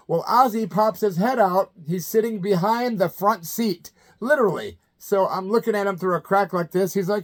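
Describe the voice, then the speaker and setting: Animated man in his 50s telling stories. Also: sits high, normal speed. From Midwestern US. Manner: animated, colloquial, acts out the people he quotes. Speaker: channel host telling stories. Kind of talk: casual anecdotal storytelling.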